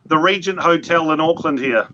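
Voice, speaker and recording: A man's voice: a little high, normal speed, crowd noise. A man with a New Zealand accent, hosting a casual chat and telling long, rambling stories with many restarts. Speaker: host. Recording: dull lo-fi audio, faint noise.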